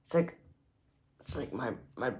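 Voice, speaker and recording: A man's voice: medium pitch, lively intonation, measured pace. A young man hosting a reaction video, mocking and exasperated, full of "like" fillers. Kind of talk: sarcastic reaction commentary.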